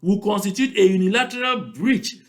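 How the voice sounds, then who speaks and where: A man's voice: sits high, brisk, reverberant. A man speaking Cameroonian Pidgin English, giving mocking, emphatic political commentary and repeating points for stress.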